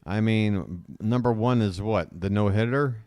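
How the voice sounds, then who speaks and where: A man calls a baseball game live for his stream, rambling between pitches and jumping up when a ball is hit hard. His voice sits low and comes through smooth and clear. The sound is dry and close, with no room around it. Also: a little slow, no echo. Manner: chatty, rambling, excitable on big swings. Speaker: fan play-by-play streamer. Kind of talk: live baseball play-by-play and commentary.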